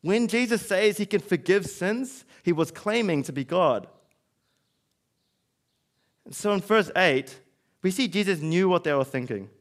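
A man's voice: high voice, animated, a little slow, pauses often. A man preaching a sermon in a conversational style, acting out quotes as he goes.

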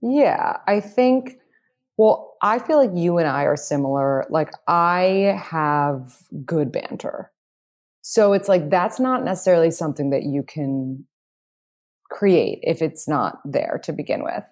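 A woman's voice: sits low, animated, measured pace, a little mellow. A woman guest giving dating advice in casual conversation, outgoing and confident, with frequent fillers.

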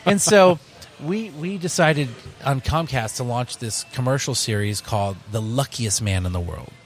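A man, a bar co-owner, telling stories in a casual interview, animated and full of restarts. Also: mid-range voice, moderate pace. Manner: storytelling, animated, many restarts.

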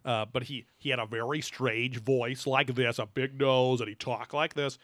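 A man's voice: mid-range voice, moderate pace, no echo. A man chatting casually on a podcast, swearing freely and acting out what others said. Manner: animated, swears freely, acts out quotes. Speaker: podcast co-host. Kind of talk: casual profane chat.

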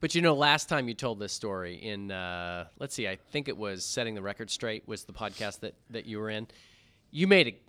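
A man's voice: fairly low pitch, lively intonation, fairly quick, pushed and bright, clean tone. A man co-hosting a podcast, chatting casually with short affirmations and curious questions.

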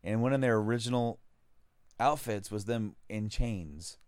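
A man's voice: lowish voice, unhurried, a little mellow, clean tone, no room sound. A man co-hosting a podcast, recapping a comic in rambling casual chat. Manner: rambling, laughs often, full of fillers. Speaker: podcast co-host.

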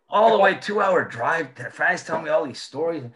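A man's voice: a little high, expressive, unhurried. A man telling hockey road stories in casual chat, swearing often and laughing through them.

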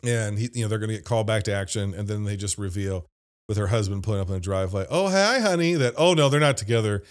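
A man's voice: fairly low pitch, quick pace. A man from Ohio hosting a casual movie podcast, telling stories with profanity and squealing impressions. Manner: animated storyteller, profane, mimics squealing voices. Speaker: podcast host.

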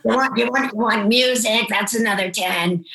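A brusque wedding chapel clerk, put on by a woman retelling a story, reeling off extra charges one after another in a clipped, businesslike way. The voice sits at an ordinary middle pitch and carries a roomy echo. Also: normal speed, crowd noise, lightly acted.

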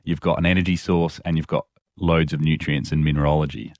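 A man's voice: rumbling low, little pitch movement, a little fast, a little mellow, no room sound, clean studio sound. A man chatting as a guest, hesitant with many restarts, enthusiastic about space. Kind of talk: casual chat.

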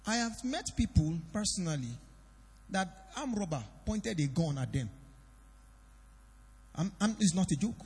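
Male pastor, high husky voice, big pitch swings, hall reverb. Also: expressive, a little slow, long pauses. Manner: dramatic, swings between loud declarations and quiet confiding. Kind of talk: sermon. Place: large church hall. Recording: long reverb of a church hall.

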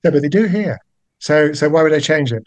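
An older man with a British accent, a guest actor chatting in a relaxed, wry, self-deprecating way. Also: fairly quick. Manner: genial, wry, self-deprecating, with lively pitch jumps. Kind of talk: relaxed podcast chat.

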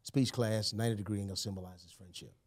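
This man talks quickly in a lowish voice. He's a podcast guest sharing a personal story casually, with animated emphasis and frequent "you know"s and "man"s.

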